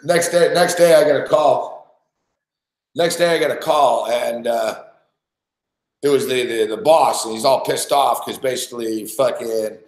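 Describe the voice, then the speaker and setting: A man hosting a sports betting stream tells a long story in a loose, profane, rambling way, stumbling over his words and starting sentences again. His voice sits at a middle pitch. The room around him gives it a noticeable echo. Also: normal speed. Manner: profane, rambling, many restarts. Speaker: sports betting show host. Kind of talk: casual storytelling. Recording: roomy echo.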